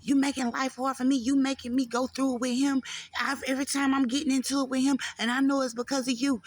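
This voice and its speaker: A woman's voice: high-pitched, little pitch movement, quick pace, dry recording, voice pushed up. A woman voicing her angry, jealous mother, who insistently accuses her young daughter. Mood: accusing.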